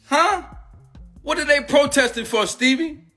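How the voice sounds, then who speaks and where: Agitated man ranting, high bright voice. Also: unhurried, faint music behind. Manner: agitated, repetitive, confrontational. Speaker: former football player and coach. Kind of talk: heated rant on a live stream.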